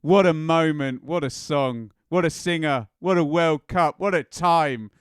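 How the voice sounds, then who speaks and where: A man's voice: on the high side, measured pace, clean tone, no room sound, studio quality. An Englishman hosting a casual ranked countdown, chatty and enthusiastic, with frequent ums. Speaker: music and football channel host.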